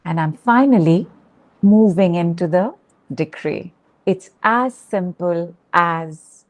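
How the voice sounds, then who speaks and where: A woman coaching a group call, guiding a slow exercise and repeating affirmations. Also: lowish voice, expressive. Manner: slow, repetitive, instructive.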